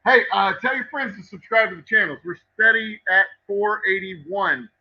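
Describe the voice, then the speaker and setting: A man's voice: high voice, normal speed, highs cut off. A man chatting casually on a live stream while he works in his distillery shop, rambling, wry and self-mocking, swearing freely. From Texas.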